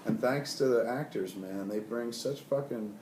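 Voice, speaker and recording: A man's voice: medium pitch, moderate pace, darkish tone, slight background noise. A man in his forties, a filmmaker, giving rambling, laid-back and profane interview answers. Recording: roomy, mic at a distance.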